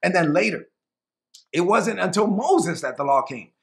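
A male preacher with a high, gravelly voice explains a sermon straight to the camera. His delivery is animated and conversational, circling back and repeating lines to drive them home. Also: moderate pace.

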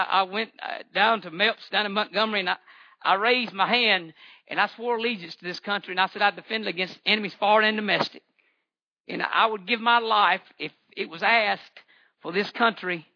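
Man, 40s, very high sharp voice, fervent stammering church testimony, dull lo-fi recording. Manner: fervent, repetitive, stammering restarts. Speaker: layman giving testimony in church. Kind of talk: impassioned testimony sermon.

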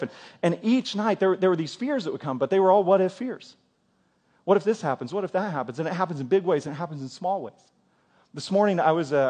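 A man's voice: on the high side, a little mellow. A middle-aged man preaching a sermon in a church, conversational, often repeating words and asking the congregation questions. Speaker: pastor.

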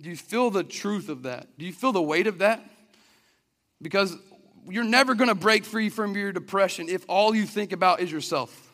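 A man's voice: sits high, normal speed, bright, forceful tone. A man preaching a sermon in an earnest, conversational way, often restarting his sentences. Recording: long reverb of a hall.

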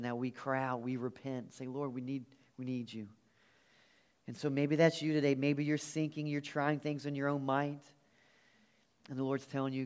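A man preaching a sermon as pastor, earnest and animated, often restarting his phrases. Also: mid-range voice.

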